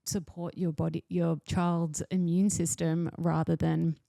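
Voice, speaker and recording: A woman hosting a podcast, guiding the conversation in a measured, thoughtful way. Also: lowish voice, little pitch movement, gravelly, dark tone, dry recording. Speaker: podcast host. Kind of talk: casual interview chat.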